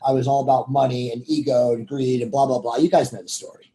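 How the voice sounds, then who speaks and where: Male entrepreneur guest; mellow, relaxed delivery; rambling and self-reflective. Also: mid-range voice, fast talker, rough recording. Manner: rambling, heavy with "you know" fillers. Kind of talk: casual interview storytelling.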